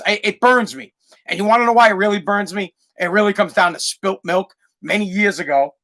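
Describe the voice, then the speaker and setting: A man's voice: sits high, pushed and bright. A man in his thirties hosting a podcast, ranting in a worked-up, profane, repetitive way with many restarts. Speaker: podcast host. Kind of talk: comedic ranting monologue.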